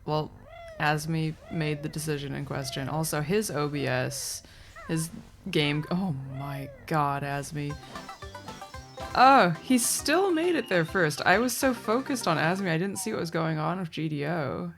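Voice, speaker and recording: A woman's voice: sits low, normal speed, faint music behind. A woman doing casual live commentary on a race, chatty and rambling, laughing often and apologizing. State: sleepy, yawning.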